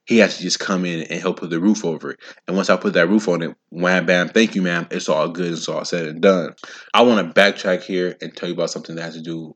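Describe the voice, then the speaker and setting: A man with a very low voice talks to his listeners in a solo motivational podcast. His delivery is casual, slangy and preachy, and he drives each point home with emphatic "boom, boom" sound effects. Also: a bit bright. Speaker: podcast host.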